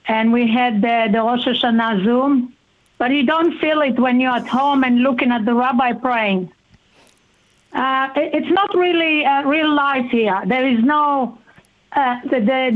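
Woman, radio guest by phone, high-ish voice, halting and heartfelt, tinny line. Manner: halting, heartfelt, slow with many pauses. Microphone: telephone.

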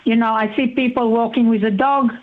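Woman, radio guest by phone, high-ish voice, halting and heartfelt, tinny line. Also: fairly even intonation. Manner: halting, heartfelt, slow with many pauses. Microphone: telephone.

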